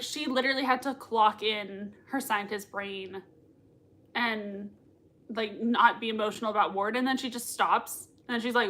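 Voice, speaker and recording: A woman hosting a live reaction stream at home. She gushes excitedly, laughs often, and reads out viewer comments between her own reactions. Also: medium pitch. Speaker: livestream reaction host.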